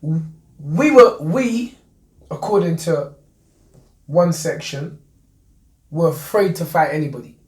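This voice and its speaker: A boxing manager talks emphatically, repeating his points and boasting as he tells stories. His voice sits a little high for a man and echoes in a roomy space. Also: takes it slowly, long pauses. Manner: emphatic, repetitive, boastful storyteller. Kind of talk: interview guest telling stories. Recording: echoey room.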